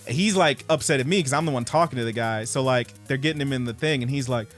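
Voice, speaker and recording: A podcast co-host tells a story in casual chat, speaking quickly in a medium-pitched voice. He's an animated storyteller who swears and acts out the people he quotes, with faint music behind him.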